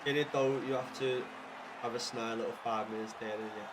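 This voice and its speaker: A young man chatting casually to viewers while streaming a football video game, rambling and swearing with excited bursts. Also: medium pitch, a little fast, a crowd in the background, noisy background. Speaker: gaming livestreamer. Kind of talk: casual livestream chat with viewers.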